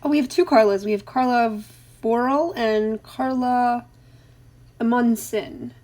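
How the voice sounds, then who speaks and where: This is a middle-aged woman chatting on her own live stream, reading out names of viewers and laughing between lines. Her voice sits a little high, and she talks at an unhurried, slow pace. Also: a little mellow. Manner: greets viewers by name, laughs often. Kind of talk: casual live stream chat.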